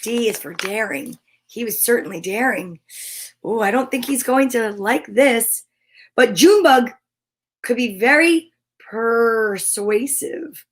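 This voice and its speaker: A woman's voice: fairly high pitch, expressive, slow pace. A woman reading a children's picture book aloud, with playful, chatty asides to her listeners. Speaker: children's story reader.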